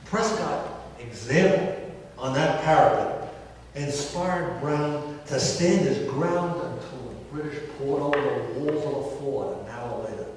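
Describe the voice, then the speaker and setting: A man's voice: mid-range voice, measured pace, darkish tone, a little hiss or hum. An older American man, a historian, telling history as a lecture with wry storytelling asides. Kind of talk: public history talk. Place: historic hall, indoors. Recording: echoey hall from far off.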